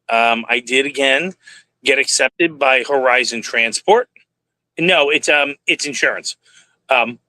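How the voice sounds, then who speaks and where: Male streamer, candid rambling monologue, tense bright tone, very dry recording. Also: medium pitch, dry recording. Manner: rambling, candid, talks to himself aloud. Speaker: livestream host. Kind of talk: casual livestream monologue.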